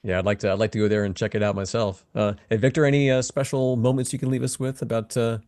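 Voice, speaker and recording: A man's voice: mid-range voice, flat delivery, fast talker, a little mellow. A man hosting an interview in a friendly, loose way, with lots of fillers, thanking the guests and signing off. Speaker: interview host.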